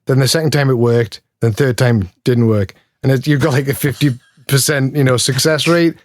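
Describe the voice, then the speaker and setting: A man's voice: medium pitch, steady tone, moderate pace. A man with a Geordie accent from Newcastle, chatting casually as a guest in an interview, rambling and self-deprecating with frequent laughs. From Newcastle, England. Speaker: guest, pedal builder.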